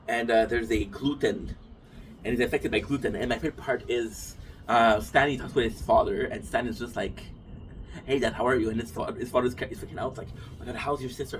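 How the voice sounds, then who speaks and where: A man talking casually about a figure from his collection, rambling, restarting sentences and swearing freely. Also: medium pitch. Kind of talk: casual rambling talk to camera. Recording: distant mic with noisy room ambience.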